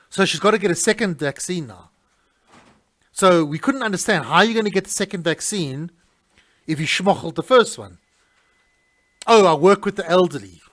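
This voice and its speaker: Animated man, lively pitch. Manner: animated and indignant, many restarts. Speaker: radio host. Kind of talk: casual talk-radio monologue.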